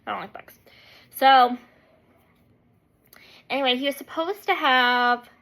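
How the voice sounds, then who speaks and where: A woman vlogger rattles off a story in a bright, sharp voice set a little high, sprinkling "like" through every sentence. She acts out her own reactions as she goes and keeps the telling casual and animated. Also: a little slow. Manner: chatty, full of "like" fillers. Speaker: beauty vlogger.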